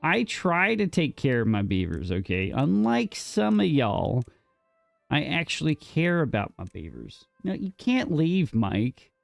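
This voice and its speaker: Guy streaming a game, slow easy talker, bantering n swearing at chat, bit of music faint under him. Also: fairly high pitch, very animated, creaky, no echo. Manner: bantering and teasing with chat, mock-defensive; swears casually. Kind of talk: casual live gameplay chat.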